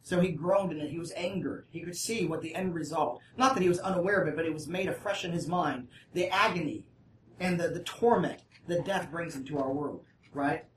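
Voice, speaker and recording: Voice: medium pitch, a little fast, a little hiss or hum. Bible study leader reading scripture and explaining it, casual and talkative, asks the group questions, set back from the mic in an echoey room. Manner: reads scripture aloud, then breaks off to explain casually; often checks in with listeners. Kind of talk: conversational Bible study teaching. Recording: roomy, distant mic.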